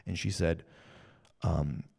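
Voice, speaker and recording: A man with a deep, gravelly, dark voice tells a personal story in a loose monologue. He rambles and circles back on his words, his feeling showing through. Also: fairly even intonation, takes it slowly. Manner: rambling, repeats himself, emotional.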